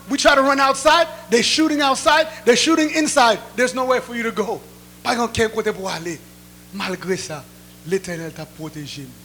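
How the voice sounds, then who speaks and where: A male pastor giving a sermon testimony, repeating each point in two languages and building to loud, emphatic bursts. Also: sits high, slight background noise. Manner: switches between Creole and English, repeating each point.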